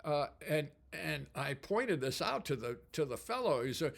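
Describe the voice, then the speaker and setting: An older man spins a long anecdote in a fairly high, animated voice. He chuckles often and slips into other people's voices as he tells it. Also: moderate pace, gravelly, few pauses. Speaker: guitar amplifier company founder. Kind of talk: anecdotal storytelling.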